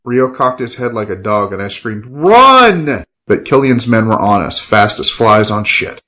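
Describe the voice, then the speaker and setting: Low-voiced man telling a gritty tale. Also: normal speed, fairly bright tone, poor audio. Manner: gritty, profane, wry. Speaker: storyteller. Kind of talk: first-person scripted narration.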